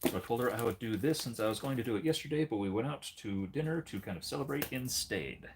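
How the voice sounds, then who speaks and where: A man's voice: medium pitch, animated, quick pace, gravelly, slight background noise. A man hosting a casual livestream, chatting in a rambling way and breaking off to talk to his dog. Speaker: livestream host.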